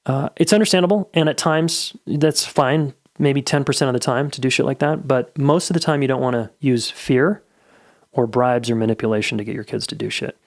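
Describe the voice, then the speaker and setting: On his podcast, a middle-aged host gives candid, blunt advice in a casual solo monologue, swearing freely. He talks a little fast at medium pitch, and the studio sound is clean with no echo.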